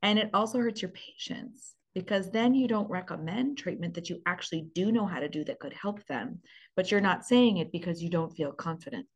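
A woman's voice: lowish voice, lively intonation, brisk, breathy edge. A woman hosting a podcast chat, a dentist and life coach who explains her points earnestly. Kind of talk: casual podcast conversation.

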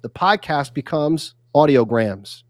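A fired-up man talks with emphatic drive and acts out quick quotes. His voice sits high, and the sound is dry and close, with no room around it. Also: animated, dry recording. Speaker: guest, content consultant. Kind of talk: animated livestream interview.

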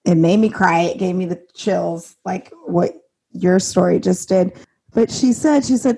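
A young woman co-hosting a podcast in casual, chatty talk, laughing often and quick to tears. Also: fairly low pitch, vocal fry, mellow, breathy edge. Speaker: podcast co-host. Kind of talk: casual chat.

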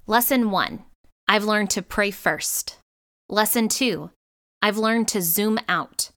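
A woman's voice: mid-range voice, slow pace, a bit bright, no room sound, clean studio sound. A middle-aged woman hosting a leadership podcast, talking in an earnest, encouraging way with light laughs. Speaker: podcast host and leadership coach. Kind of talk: podcast monologue.

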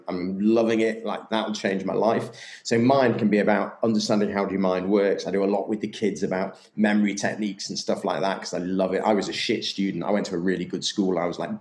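A man's voice: sits low, darkish tone. A man in casual conversation, candid and enthusiastic, swearing freely. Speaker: podcast guest, yoga business owner. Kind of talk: casual chat. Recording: roomy echo.

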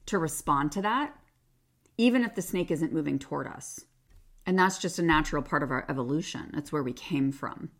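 A woman hosts a self-help podcast alone, with a voice that sits on the low side. Her delivery is casual and coaching, and she leans on "like" as she talks things through. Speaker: podcast host.

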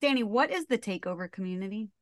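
A woman's voice: medium pitch, lively intonation, fast talker, dry recording, studio quality. A woman hosting a podcast, asking curious, playful questions in a casual chat. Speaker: podcast host. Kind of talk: casual conversational interview.

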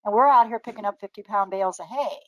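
An older woman chats as a guest, spinning animated stories and slipping into the voices of the people in them. Her voice sits mid-range and sounds dry and close. She laughs easily between lines. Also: medium pitch, fast talker, no room sound, poor audio. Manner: lively anecdotal, laughs often, acts out quoted voices. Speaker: guest naturopathic doctor. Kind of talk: casual storytelling.

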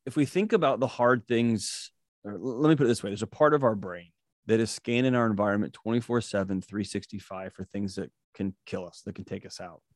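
A man's voice: on the low side, darkish tone, no room sound, studio quality. A man, a mental health expert, earnestly explaining ideas through vivid everyday stories as a podcast guest. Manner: earnest, storytelling, vivid examples. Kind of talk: interview answer, explaining.

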